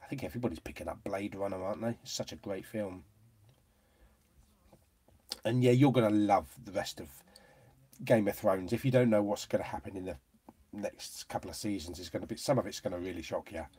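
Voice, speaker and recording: A man's voice: on the low side, brisk, long pauses, dark tone, breathy edge. A British man hosting a casual live-stream chat, jokey and talkative, laughing often.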